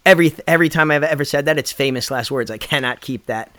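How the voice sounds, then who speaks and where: A man's voice: on the high side, fast. A middle-aged man, a musician guest, chatting casually and animatedly in an interview, acting out quotes as he tells stories. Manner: animated storyteller, acts out quotes.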